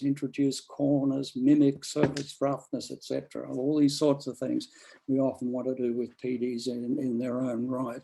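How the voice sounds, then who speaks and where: A man's voice: medium pitch, vocal fry, dark tone, breathy edge, rough recording. A man giving an academic seminar talk, rambling with frequent restarts and fillers. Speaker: lecturer.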